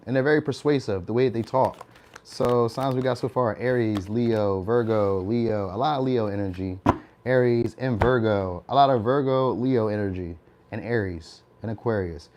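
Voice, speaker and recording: A man in his young adult years gives an informal tarot reading in an easygoing, conversational way. His voice sits at a medium pitch. He laughs a lot and checks in with listeners by asking "all right?". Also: a little mellow. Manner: chatty, laughs often, tags lines with "all right?". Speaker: tarot reader.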